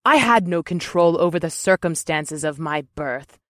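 A man voicing a bold, sharp-tongued, red-skinned half-demon woman in an audiobook, commanding and sarcastic. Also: fairly high pitch, animated, moderate pace, no room sound, studio quality, voice pushed up. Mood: mocking. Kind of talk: audiobook narration.

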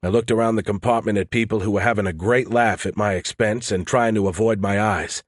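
A man's voice: on the low side, fairly even intonation, brisk, dry recording, clean studio sound. A man narrating a first-person audiobook in a wry, conversational manner.

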